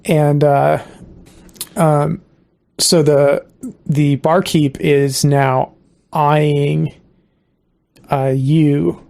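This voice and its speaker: A game master narrates a tabletop western at an unhurried, halting pace, full of fillers and restarts. The voice is gravelly and mid-pitched. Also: level tone, a little mellow.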